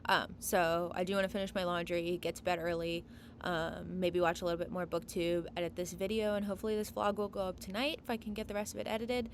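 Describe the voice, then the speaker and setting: Book vlogger lady rambling to her camera in her bedroom, lots of ums and likes, kinda low voice. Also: level tone, fast, slight background noise. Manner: chatty, many "um" and "like" fillers. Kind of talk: casual chat to camera. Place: small windowless bedroom.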